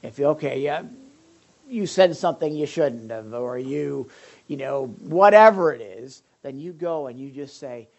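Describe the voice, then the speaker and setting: A man preaching a conversational sermon to his congregation, lively and direct, with frequent asides and questions to his listeners. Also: mid-range voice, measured pace, highs cut off. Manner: animated, addresses the audience directly, frequent asides. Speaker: pastor.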